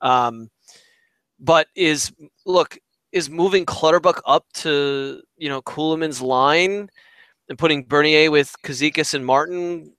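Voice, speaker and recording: A man's voice: a little high, slow pace, a bit bright, clear, resonant tone, dry recording. A man co-hosting a casual sports talk show, hesitant and questioning, often trailing off mid-thought. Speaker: sports podcast co-host.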